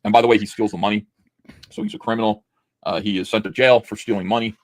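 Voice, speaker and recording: A man's voice: lowish voice, fast, dry recording. A man casually reviewing a comic book, reading its dialogue aloud in a sardonic, mocking way. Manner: sardonic, mocking, reads quotes in flat deadpan.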